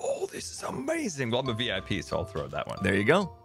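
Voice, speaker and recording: A man commenting as he plays, turning every mishap into a bit of theater. His voice swings widely in pitch while staying in a middle register. Faint music sits behind him. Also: wildly swooping pitch, fast talker, creaky, fairly bright tone. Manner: playful, theatrical, exaggerated reactions. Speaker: Minecraft player. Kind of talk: casual gaming commentary.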